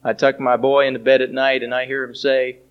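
A man's voice: mid-range voice, flat delivery, clean tone. Earnest preaching man, muffled recording. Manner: earnest, storytelling, recites song lyrics slowly. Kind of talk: sermon. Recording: dull lo-fi recording.

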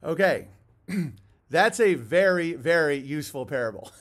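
A man's voice: on the high side, lively intonation, measured pace. A man hosting a casual monologue, rambling through tangents with chuckling asides. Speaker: host.

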